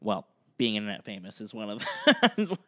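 A man's voice: on the low side, big pitch swings, normal speed. Joking young podcast co-host, man. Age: young adult. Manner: joking, laughs often, lists items off. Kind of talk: casual chat, reading quiz options aloud.

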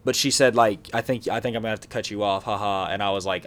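A man's voice: fairly low pitch, steady tone, fast talker, a bit bright. A man in his twenties co-hosting a podcast, telling a rambling story full of fillers and laughing as he goes. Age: 20s. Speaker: podcast co-host. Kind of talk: casual storytelling chat.

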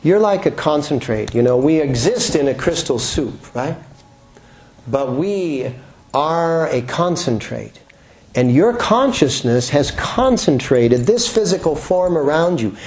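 This is a man leading a yoga class, with a voice pitched a little above the usual. He talks in a relaxed, chatty way, cracks small jokes and checks in with the room. It sounds like a talk given to a room full of students. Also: unhurried. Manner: relaxed, chatty, joking, with rhetorical questions. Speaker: yoga teacher.

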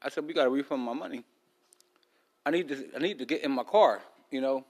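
A podcast host tells a long story in a loose, rambling, casual way, full of fillers and restarts, talking around a loose tooth. His mid-range voice is darkish and slightly rough, and he talks fairly quickly.

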